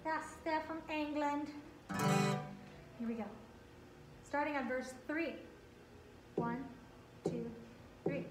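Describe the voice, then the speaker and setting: A woman music teacher with a bright, high voice talks through strumming patterns for her group guitar class. She sounds upbeat and encouraging and explains things step by step. The video call sounds roomy, with guitar playing around her words. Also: takes it slowly, pauses often.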